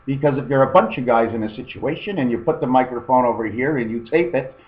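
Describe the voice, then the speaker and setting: A man's voice: mid-range voice, quick pace, roomy sound. Rambling man on tinny webcam audio. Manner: meandering, free-associating, repeats "okay". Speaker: webcam vlogger. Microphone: webcam microphone.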